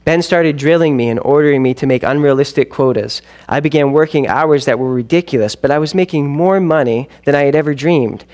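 A man's voice: a little high, brisk, few pauses, darkish tone. Male narrator for a first-person tale, earnest and confessional. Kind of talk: first-person dramatic storytelling.

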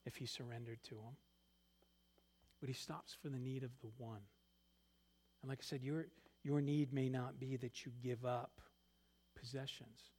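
A male pastor in the middle of a sermon, reading scripture and then pausing to unpack it for his listeners. His voice sits at an ordinary middle pitch, rising and pressing harder on key points before dropping to soft, almost hushed asides. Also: husky. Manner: animated, swings between loud emphasis and quiet asides.

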